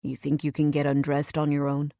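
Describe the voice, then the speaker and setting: A woman voicing a strong, calm, protective man in an audiobook, speaking in a low, steady, reassuring way. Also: fairly quick, vocal fry, dry recording, clean studio sound. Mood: calm, gentle.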